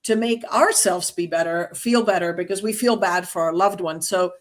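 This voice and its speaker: A woman's voice: on the low side, moderate pace. A woman co-hosting a webinar, speaking candidly and reflectively in casual talk.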